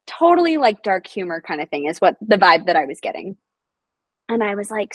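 A woman's voice: on the low side, moderate pace, dry recording, rough recording. A young woman, a nursing assistant guest, telling stories casually and acting out the voices of people she quotes. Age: young adult. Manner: animated, acts out quoted voices. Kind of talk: casual storytelling.

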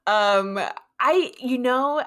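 A woman's voice: on the high side, drawn-out words, fairly bright tone. A woman guest on a podcast, chatting casually and enthusiastically, laughing and acting out quotes. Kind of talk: casual chat.

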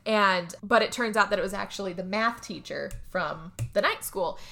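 A woman's voice: mid-range voice, normal speed, vocal fry, slight background noise. Chatty woman recapping a movie. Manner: animated storytelling, slips into character voices, casual swearing. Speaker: podcast co-host. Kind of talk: casual movie recap chat.

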